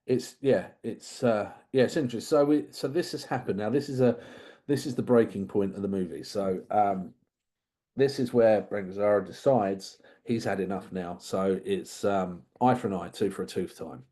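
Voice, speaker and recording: This man co-hosts a podcast and, in a casual film review chat, recounts a movie with amused, meandering asides. His voice is fairly low and mellow, with a moderate pace.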